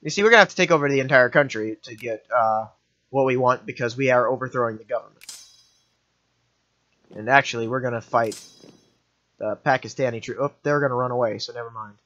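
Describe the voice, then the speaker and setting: A man's voice: medium pitch, a little fast, long pauses, fairly bright tone, muffled recording. A young man giving offhand, rambling commentary while playing a strategy game, often correcting himself. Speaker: gaming commentator. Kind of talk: let's play commentary.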